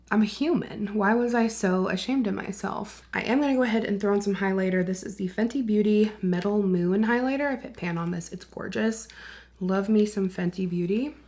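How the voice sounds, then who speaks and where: A woman's voice: lowish voice, gravelly, darkish tone. A young woman chatting candidly as a beauty vlogger while she does her makeup at home, sometimes dropping to a whisper. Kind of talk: casual get-ready-with-me chat.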